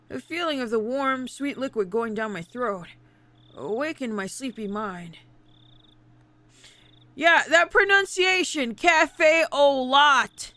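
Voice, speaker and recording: A woman streamer reading a visual novel aloud and chatting with viewers. She swears freely, laughs a lot, and rants excitedly. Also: fairly high pitch. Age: adult.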